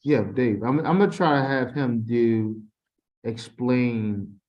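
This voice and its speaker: A man's voice: medium pitch, slow pace, highs cut off. A man tutoring a student in a casual session, reading quiz questions aloud with frequent restarts. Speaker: TESOL instructor.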